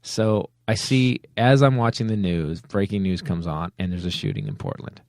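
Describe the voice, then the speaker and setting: A man's voice: sits low, animated, normal speed, creaky, a little mellow, no echo, clean studio sound. A man hosting a comedy podcast, ranting in a profane, fired-up way between casual banter. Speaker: podcast host. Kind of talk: comedic political rant and casual chat.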